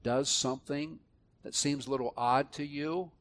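A man delivers a sermon at a middle pitch. He drops into soft, low-voiced reflection, then rises to loud, emphatic preaching. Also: fairly even intonation, normal speed, a little hiss or hum. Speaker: pastor.

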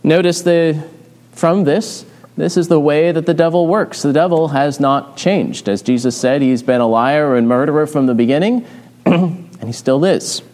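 A man preaching an expository sermon in a measured, explanatory way, pausing often with "uh" as he works through the text. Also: a little high, darkish tone. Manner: measured and explanatory, with frequent "uh" pauses.

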